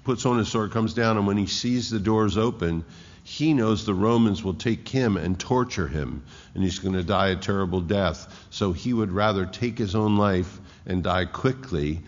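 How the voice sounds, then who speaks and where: A man preaching a sermon, reading scripture aloud and explaining it with slow emphasis and frequent restarts. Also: lowish voice. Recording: echoey hall, dull lo-fi sound.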